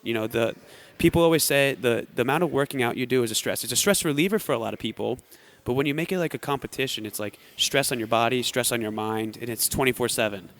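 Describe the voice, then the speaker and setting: A man's voice: mid-range voice, quick pace, few pauses. A young American man, a guest athlete, chatting casually on a podcast and acting out quotes as he tells stories. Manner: animated storyteller acting out quotes.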